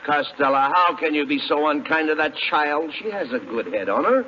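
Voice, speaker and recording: Exasperated straight man, lively gravelly male voice, hissy old radio sound. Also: fairly high pitch, brisk. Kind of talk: 1940s radio comedy acting. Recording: muffled 1940s radio broadcast with hiss.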